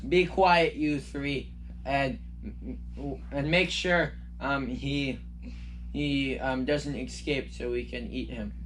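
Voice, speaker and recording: A man voicing a creepy captor who plans to fatten a prisoner up and eat him, in a low, menacing tone. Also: slow pace, a bit bright, a little hiss or hum.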